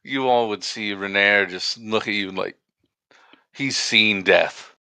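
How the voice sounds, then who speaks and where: Bright-voiced man running a tabletop game. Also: lowish voice, clean tone, no room sound. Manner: halting, stop-and-start narration. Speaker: game master.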